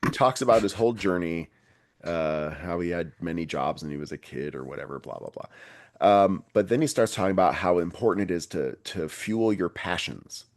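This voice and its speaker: A man's voice: low-pitched, lively intonation, moderate pace, dry recording, studio quality. A man hosting a casual podcast, telling a story with sardonic asides. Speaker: podcast host.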